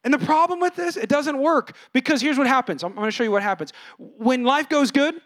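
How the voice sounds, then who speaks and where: A man in his thirties or forties preaching a sermon, animated, acting out voices with big swings in pitch. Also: a little fast. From California. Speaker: pastor.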